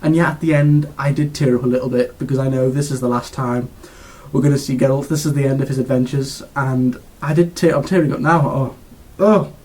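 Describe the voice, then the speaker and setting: A man's voice: mid-range voice, fairly even intonation, fairly quick, warm tone. A British man giving a casual video game review, gushing and rambling with lots of restarts and fillers.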